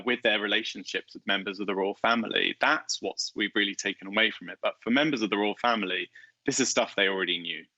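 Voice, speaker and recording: A man answering interview questions as an author, in a measured, articulate way with light emphasis. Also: fairly low pitch, bright, forceful tone, dry recording, dull audio. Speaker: guest author.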